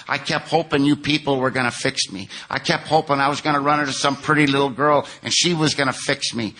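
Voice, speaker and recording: A man's voice: medium pitch, steady tone, brisk, bright, forceful tone. A man from California giving an earnest, plain-spoken personal recovery testimony at a 12-step conference.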